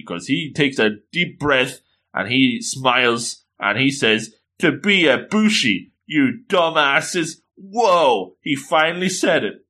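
A young man excitedly recapping a story, jumping to sudden high exclamations and reading characters' lines in quick asides. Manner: animated, swings pitch up for exclamations, voices characters in quotes. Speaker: manga recap narrator.

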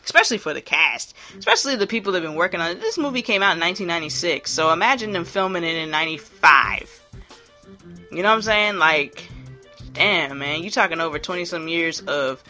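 A woman hosting a casual, profane commentary monologue in an animated way, often acting out voices. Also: lowish voice, fairly quick, faint music behind.

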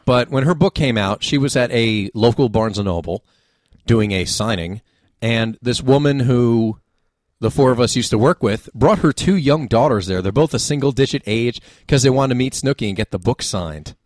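Man, podcast co-host, casual storytelling, mid pitch, dry close mic. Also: moderate pace, no echo. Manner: animated storytelling, frequent laughs. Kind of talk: casual chat.

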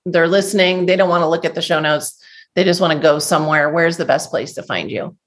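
A woman from New Jersey hosting a podcast interview, talking with warmth and enthusiasm and laughing easily. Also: low-pitched, brisk. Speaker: podcast host.

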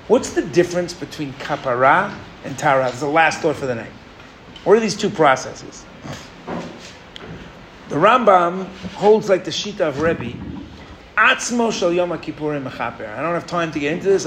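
A man's voice: on the high side, a little hiss or hum. A man from New York giving a sermon as a rabbi, telling stories and asking his audience "right?". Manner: storytelling, animated, engages the audience with "right?". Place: rooftop gathering.

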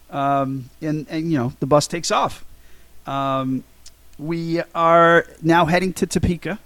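Another podcast co-host, this man speaks at a measured pace in a voice on the high side, going through a film scene by scene in casual chat. His rambling recap is full of ums and restarts, captured with no room sound.

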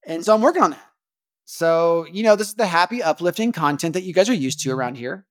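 A man's voice: fairly high pitch, animated, fast talker. A man hosting a casual devotional podcast, talking earnestly, repeating phrases and asking rhetorical questions. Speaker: podcast host.

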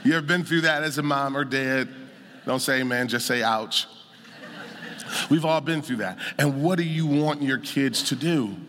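A man preaching a sermon as pastor, emphatic, swelling into shouts and a sung, rhythmic cadence. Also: mid-range voice, normal speed, a little hiss or hum. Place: church sanctuary. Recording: long church hall reverb.

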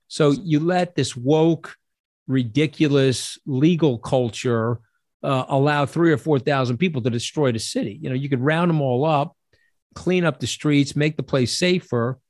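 A man's voice: mid-range voice, a little mellow, no echo, clean studio sound. A middle-aged man telling stories as an interview guest, blunt and profane, acting out the voices of people he quotes. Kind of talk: casual interview storytelling.

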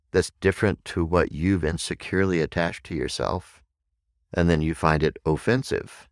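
A man speaking as a meditation teacher in a reflective podcast talk, slow and deliberate, repeating key phrases for emphasis. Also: rumbling low, vocal fry, no echo, clean studio sound.

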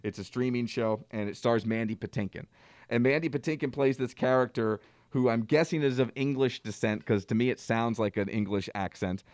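A man's voice: mid-range voice, brisk, darkish tone, dry recording, studio quality. A man co-hosting a radio talk show, chatting in a rambling, self-deprecating way. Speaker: radio co-host.

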